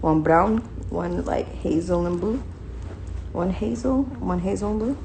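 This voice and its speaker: Slow-talking New York woman chatting with her puppy. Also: fairly low pitch, lively intonation, creaky, a little mellow, slight background noise. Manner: playful baby talk to her puppy, slangy and profane. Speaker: social media personality. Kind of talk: casual livestream chat. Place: home, indoors. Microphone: phone.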